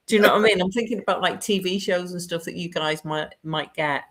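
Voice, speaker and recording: A woman, chatting lively as an interviewer on a live stream. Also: on the low side. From United Kingdom. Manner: chatty, lively, quick asides.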